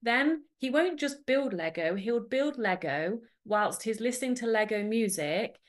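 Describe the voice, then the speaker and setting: A woman's voice: fairly high pitch, lively intonation, unhurried. An Englishwoman from England with an English accent, a guest on a podcast in casual chat, gushing and enthusiastic, talking from her home. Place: home in the Netherlands.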